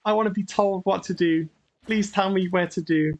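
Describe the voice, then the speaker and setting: A man's voice: high-pitched, fairly even intonation, normal speed. A man hosting a gaming channel, giving chatty, grumbling, self-mocking commentary as he plays. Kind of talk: gameplay commentary.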